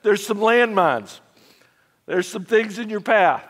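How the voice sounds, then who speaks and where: A male pastor teaches a men's session in a conversational storytelling manner with frequent restarts. His voice sits a little high, and a long hall reverb trails behind it. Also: expressive, takes it slowly. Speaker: pastor leading a men's study. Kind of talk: sermon-style teaching. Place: church.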